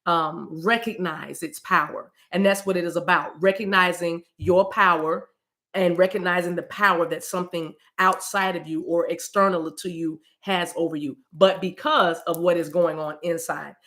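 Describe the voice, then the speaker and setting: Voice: mid-range voice, fairly even intonation, moderate pace, sharp tone. A spiritual card reader giving a casual message, quoting scripture loosely, who often repeats words and restarts sentences.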